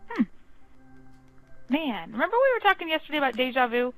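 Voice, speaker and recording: A woman's voice: high voice, very animated, a little fast, a bit bright, faint music behind, rough recording. A woman co-hosting a gameplay video, chatting casually and teasing her partner with frequent giggles. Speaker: co-host, wife.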